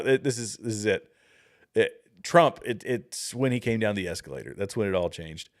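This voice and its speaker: A man's voice: on the low side, lively intonation, moderate pace. Man rambling through political commentary. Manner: rambling, with frequent restarts and asides. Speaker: livestream host. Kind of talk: casual political commentary reading chat comments.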